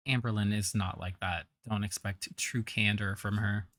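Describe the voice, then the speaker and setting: A man's voice: on the low side, steady tone, normal speed, a bit bright, dry recording. A man giving blunt, scornful reaction commentary, with a trained singer's voice.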